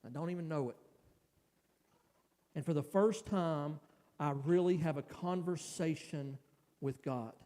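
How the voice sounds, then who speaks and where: A man's voice: a little high, dark tone. Emotional man preaching testimony in a reverberant hall. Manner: emotional, halting storytelling. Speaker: church speaker. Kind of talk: personal testimony sermon. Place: church sanctuary.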